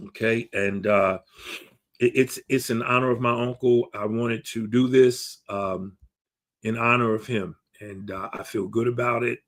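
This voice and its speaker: A man's voice: medium pitch, steady tone, unhurried, fairly bright tone. A man talking to camera as a grief counselor, giving earnest advice with many fillers and restarts.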